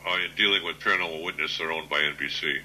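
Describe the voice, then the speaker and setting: A man in his sixties, a guest author, telling plainspoken stories at an unhurried pace in a casual interview. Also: low-pitched, pushed and bright, slight background noise, low-quality recording. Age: 60s.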